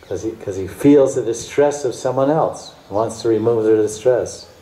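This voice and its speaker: A man acting as a spiritual teacher gives a devotional storytelling lecture, emotive and repetitive, occasionally drifting into chanted song. His voice is medium-pitched and warm, at a moderate pace. The room is echoey, with faint background noise.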